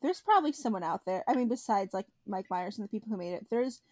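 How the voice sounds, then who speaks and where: A young woman co-hosting a podcast in casual chat, animated and laughing often as she tells stories. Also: medium pitch, fast, no room sound. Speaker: podcast co-host.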